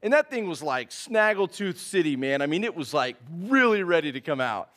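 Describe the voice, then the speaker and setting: A man's voice: on the high side, sing-song, normal speed, fairly bright tone. A man preaching a sermon in a casual, conversational way, calling people man and dude. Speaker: pastor.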